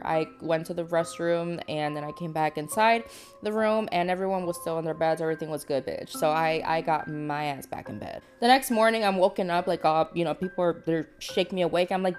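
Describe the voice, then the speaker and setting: A young woman from Panama telling a spooky story casually, cursing freely and swinging from hushed to shouting. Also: on the low side, normal speed, faint music behind. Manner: profane, animated, swinging between hushed and shouted.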